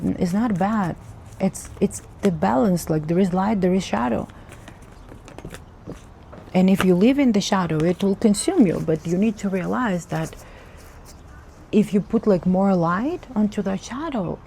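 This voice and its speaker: A woman's voice: mid-range voice, warm tone, slight background noise. A woman giving an earnest, emotional spiritual message as a tarot reader, repeating herself for emphasis. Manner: slow, earnest, repetitive, emotional.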